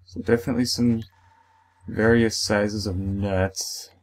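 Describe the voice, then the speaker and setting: A man's voice: on the low side, steady tone, slow, darkish tone. A young man hosting a let's play, chatting casually as he plays and reading the game's text aloud with playful outbursts. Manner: reads game text aloud, playful exclamations. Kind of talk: casual gameplay commentary.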